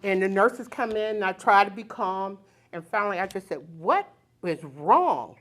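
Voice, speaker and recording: Older woman telling a lively story. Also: mid-range voice, a little fast. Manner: lively, chuckling, plain-spoken. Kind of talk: personal storytelling before a live audience. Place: community center stage.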